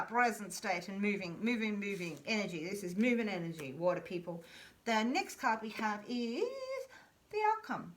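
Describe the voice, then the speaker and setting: A woman's voice: mid-range voice, a bit bright. A woman giving a casual tarot reading in a chatty way, repeating phrases and correcting herself, with playful joking asides. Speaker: tarot reader.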